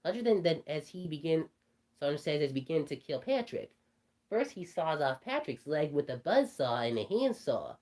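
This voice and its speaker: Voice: mid-range voice, very animated, moderate pace, darkish tone. A performer voicing a cartoon rabbit telling a creepy story, rambling with stumbling restarts. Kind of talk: storytelling in character.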